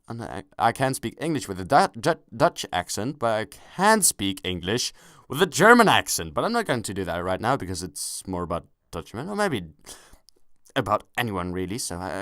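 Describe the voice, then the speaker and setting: A man's voice: medium pitch, a bit bright, clean tone, no room sound, clean studio sound. A young man giving casual gameplay commentary, rambling and self-correcting, swearing casually and joking as he goes. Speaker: gaming commentator. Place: at home, kneeling without a chair.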